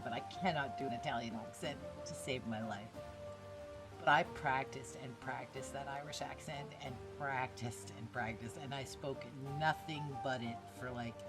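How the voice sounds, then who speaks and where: A woman who streams roleplay, chatting on a podcast in a blunt, animated way and swearing freely. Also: very deep voice, normal speed, over music. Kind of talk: casual podcast chat.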